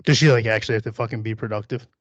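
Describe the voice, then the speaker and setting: A man's voice: on the low side, steady tone, very fast, no echo, highs cut off. A young man hosting a solo podcast, rambling and joking with plenty of profanity. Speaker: podcast host.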